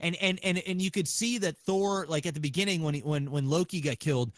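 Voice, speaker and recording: A man hosting a podcast, chatting casually in an excitable, profane way with lots of restarts. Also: a little high, fairly quick, no echo. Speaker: podcast host.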